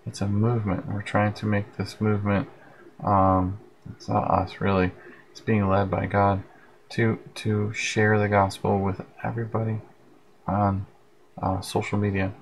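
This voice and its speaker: A man's voice: lowish voice, completely flat delivery, unhurried, gravelly, a little hiss or hum, rough recording. A man hosting a late-night live broadcast, chatting in a rambling, friendly way and sounding tired. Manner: rambling, friendly, reads out viewer comments. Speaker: livestream host. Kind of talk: casual live broadcast chat. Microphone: headphones with plug-in mic.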